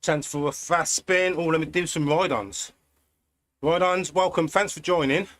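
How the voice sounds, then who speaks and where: A man from Britain with a British accent, chatting in a relaxed way while hosting a cycling live stream from an indoor trainer at home. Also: on the high side. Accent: British English. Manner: relaxed, chatty, thinking aloud with pauses. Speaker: cycling livestream host. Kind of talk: casual live-stream chat while riding.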